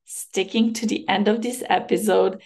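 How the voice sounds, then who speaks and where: A woman hosting a solo podcast, speaking in a hoarse voice with a slow, reflective, motivational manner. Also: medium pitch, fairly even intonation, darkish tone. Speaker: podcast host.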